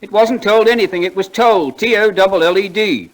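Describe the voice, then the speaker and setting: A man's voice: sits high, animated, normal speed, low-quality recording. An actor playing a pompous man who recites poetry in grand tones and snaps at interruptions, in 1940s radio comedy style. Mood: exasperated. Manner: declaims grandly, snaps in irritation.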